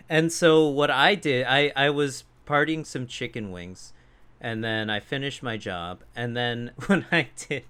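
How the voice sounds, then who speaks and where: A man's voice: mid-range voice, fairly bright tone, clear, resonant tone. A man co-hosting a podcast, telling a profane, laughing story about a rude customer in casual chat. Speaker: podcast co-host.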